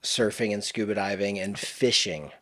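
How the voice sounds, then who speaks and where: A man in his thirties or forties from the Gulf Coast, a worship leader talking as a podcast guest in a relaxed, easygoing way with vivid descriptions. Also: lowish voice, normal speed. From US Gulf Coast, Florida Panhandle. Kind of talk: casual conversational interview.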